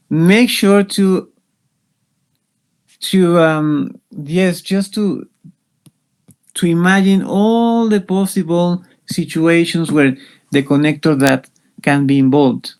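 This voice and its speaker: A man walks a class through English grammar in an online lesson. His voice sits a little high and he speaks slowly, pausing on fillers and restarting sentences as he explains. He sounds patient and methodical. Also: darkish tone, smooth. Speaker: English teacher.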